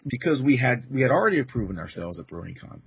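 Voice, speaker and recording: Male podcast guest, quick and rambling, husky, dry lo-fi sound. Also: mid-range voice, very animated, no room sound. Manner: quick, rambling, many restarts. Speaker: podcast guest, convention interviewer. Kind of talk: casual chat.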